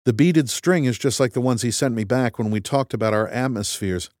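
A man's voice: mid-range voice, brisk, darkish tone, no echo. A man reading a first-person audiobook in a dry, wry and methodical way. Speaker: audiobook narrator. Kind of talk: first-person scripted narration.

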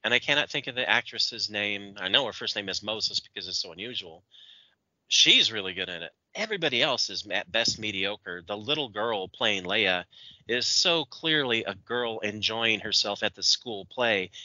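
A man's voice: on the low side, animated, normal speed, bright, forceful tone, no room sound, highs cut off. A man co-hosting a podcast in casual chat, opinionated and ranting. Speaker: podcast co-host.

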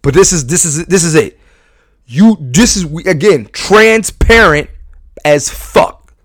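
A man's voice: animated, slow, dry recording, studio quality. Emphatic man hosting a candid podcast. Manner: emphatic, repeats and restarts phrases; swings between loud bursts and low, quiet asides. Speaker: podcast host.

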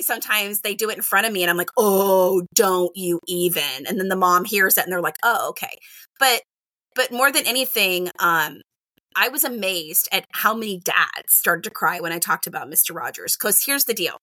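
Middle-aged teacher lady chatting, lots of like and right, bright tone, dry sound. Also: mid-range voice, moderate pace, no echo. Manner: animated, acts out quoted exchanges, many "like" and "right?" fillers. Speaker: kindergarten teacher guest. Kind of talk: casual interview talk.

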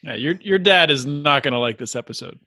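A man's voice: mid-range voice, expressive, fairly quick, pushed and bright. A man co-hosting a podcast in casual chat, dry, mostly short questions. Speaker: podcast co-host.

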